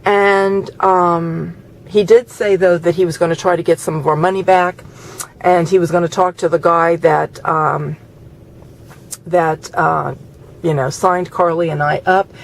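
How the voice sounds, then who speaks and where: A woman's voice: on the low side, steady tone, a little slow, gravelly. A woman venting to camera in a casual vlog from a parked car, retelling conversations in an indignant way. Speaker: vlogger.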